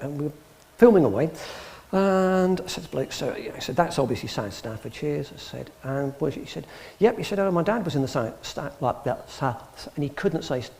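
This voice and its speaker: A middle-aged Englishman with antiques expertise gives a guest talk in a public hall, playing out the dialogue of his dry comic anecdotes for the live audience. His voice is on the high side and a little mellow.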